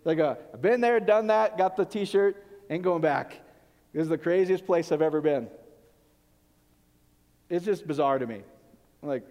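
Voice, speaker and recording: A man preaching a sermon in an animated way, swinging from loud outbursts to soft, hushed asides. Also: fairly high pitch, normal speed, long pauses. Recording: long hall reverb.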